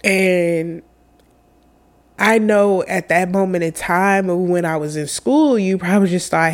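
A young woman telling a personal story in an earnest, halting way, tearful and full of fillers. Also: fairly low pitch.

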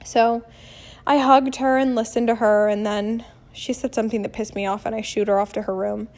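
A woman in her thirties telling a story casually as a vlogger, animated and blunt, acting out what people said. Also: fairly high pitch, moderate pace. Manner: animated, acts out quotes, blunt with mild swearing. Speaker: vlogger and mother.

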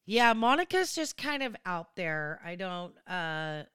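A woman's voice: fairly low pitch, very animated, takes it slowly, a bit bright, smooth, no echo, studio quality, faint music behind. A woman giving casual, opinionated commentary on a reality show, acting out what people said in different voices. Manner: chatty, opinionated, acts out quotes in voices.

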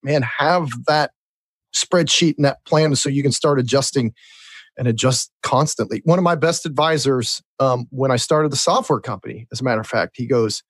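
A man, a guest on a podcast, talking casually and telling stories with lively repeated starts. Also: mid-range voice, moderate pace, no room sound. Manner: animated storyteller who repeats words when starting. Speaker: guest, repair shop and software business owner.

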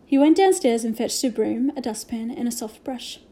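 A woman reading a children's novel aloud with gentle storytelling and hushed asides. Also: on the high side, moderate pace. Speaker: reader.

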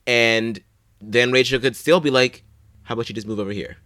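A man's voice: mid-range voice, normal speed, fairly bright tone, dry recording, studio quality. A man co-hosting a podcast who gives blunt, profane, sarcastic commentary. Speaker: podcast co-host. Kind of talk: casual recap chat.

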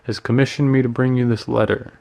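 A man reading the part of a polite, formal old gentleman messenger. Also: medium pitch, steady tone, fairly quick, vocal fry, natural voice. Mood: courteous. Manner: formal, courteous.

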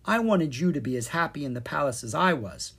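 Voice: medium pitch, expressive, a little fast, a bit bright, husky. A storybook narrator voicing a young fairy boy who speaks earnestly and pleadingly to his mother.

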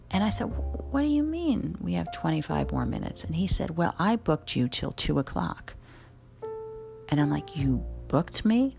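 Low, gravelly woman telling a story. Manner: candid, wry, animated storytelling. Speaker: caterer and event planner. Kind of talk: casual storytelling monologue.

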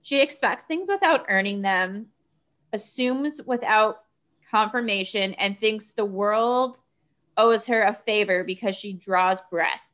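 A woman reading a written post aloud in a steady, measured way. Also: mid-range voice.

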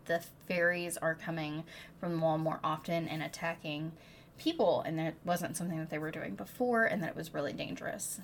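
A book podcast co-host with a voice on the low side retells a plot in casual book-club chat, swearing and adding dramatic flair. Slight background noise is audible.

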